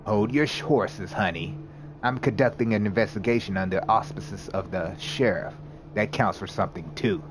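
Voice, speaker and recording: Played by a man, this is a streetwise male vampire with a deep, gravelly voice and an easy, teasing manner. He drops pet names casually and stays relaxed. Faint hiss sits under the recording. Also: moderate pace, natural voice. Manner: easygoing, calls people darling and honey.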